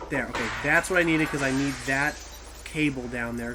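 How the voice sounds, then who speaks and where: A man's voice: mid-range voice, normal speed, music in the background. A young man giving casual gameplay commentary, explaining puzzles in a rambling, self-correcting way. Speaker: game commentary player.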